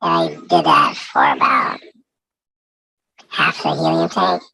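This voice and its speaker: A woman telling a story in a casual chat, slow and animated. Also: very deep voice, creaky.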